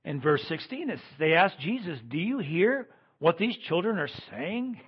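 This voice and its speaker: A man preaching a sermon as pastor, swinging between loud emphatic lines and quiet ones. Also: sits high, big pitch swings, normal speed, breathy edge, muffled recording.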